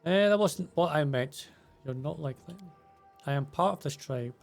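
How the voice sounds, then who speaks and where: A man's voice: on the high side, moderate pace, creaky, soft background music. A man reading as a fierce barbarian woman. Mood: cold. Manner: reading game subtitles aloud, flat. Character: fierce young female barbarian warrior.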